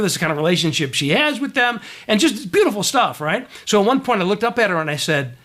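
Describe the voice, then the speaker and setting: Animated male leadership speaker. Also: high voice, fast, hardly any pauses. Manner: animated storyteller, frequent "right?" asides. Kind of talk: storytelling keynote talk.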